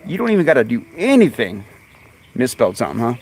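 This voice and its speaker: A man hosting a casual live stream outdoors among his birds, chatting away and calling to them in high coaxing tones, recorded on a phone. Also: huge pitch swings, quick pace. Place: outdoors in a bird yard on a sunny day. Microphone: phone camera.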